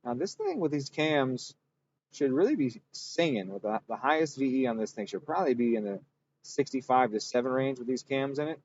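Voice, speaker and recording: A man's voice: medium pitch, animated, brisk, darkish tone, muffled recording, slight background noise. Man thinking aloud while tuning an engine. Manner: thinks aloud, rambling, self-correcting. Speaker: engine tuner streaming a dyno session. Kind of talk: casual technical livestream talk.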